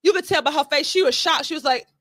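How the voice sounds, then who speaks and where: A woman co-hosting a podcast, talking in a blunt, sarcastic, animated way. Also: high voice, fast talker, no room sound. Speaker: podcast co-host. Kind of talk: casual commentary chat.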